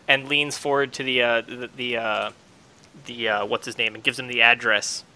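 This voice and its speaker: Man, tabletop game player, casual, halting with fillers, bright, crisp voice. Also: medium pitch, little pitch movement. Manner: halting, full of fillers and restarts. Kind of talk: casual in-character play.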